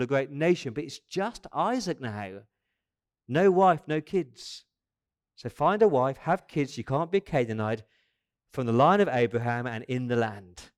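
A man in his fifties with a slightly higher voice for a man delivers a sermon as a pastor. He preaches conversationally, with quick asides and the odd restart. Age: 50s.

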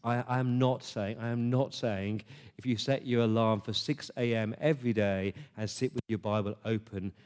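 Man, preacher, earnest conversational sermon, mellow dark tone. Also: medium pitch, steady tone, normal speed, hardly any pauses.

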